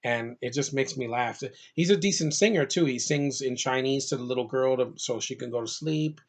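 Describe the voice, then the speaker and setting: A man's voice: mid-range voice, normal speed, husky. A man giving a casual movie review on his channel, enthusiastic and rambling, with lots of fillers and restarts, sounding a little tired.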